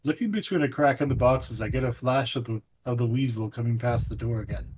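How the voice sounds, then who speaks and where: A man's voice: mid-range voice, slight background noise, low-quality recording. A man reading first-person visual novel narration aloud, with joking asides to friends.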